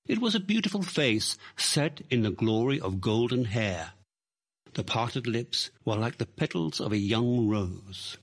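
A man reading a story aloud in a dramatic, expressive way, dropping to hushed asides. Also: mid-range voice. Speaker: narrator.

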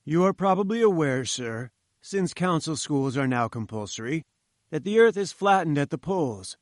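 A man's voice: fairly high pitch, lively intonation, moderate pace, no room sound, studio quality, natural voice. A man voicing a pompous, patronizing older professor who lectures condescendingly in an audiobook reading. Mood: lecturing.

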